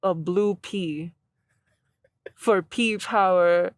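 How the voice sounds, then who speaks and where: A woman's voice: fairly low pitch, drawn-out words, dry recording. A woman tattoo artist on a podcast, telling stories casually and acting out what people said. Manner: animated, acts out quoted voices. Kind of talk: casual storytelling.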